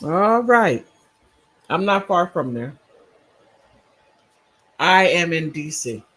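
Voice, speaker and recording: A man hosts a live stream in a loose, rambling commentary style, answering viewers as he goes. His voice sits a bit high and has a husky, slightly breathy grain. He speaks into a computer mic from a home setup. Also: sing-song, slow pace, sharp tone, rough recording. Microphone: computer mic on a streaming app.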